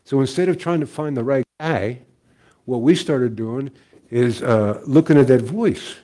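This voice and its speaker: An older man giving a sermon as a story, folksy and gentle, repeating his key lines. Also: medium pitch, unhurried. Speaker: guest speaker and minister.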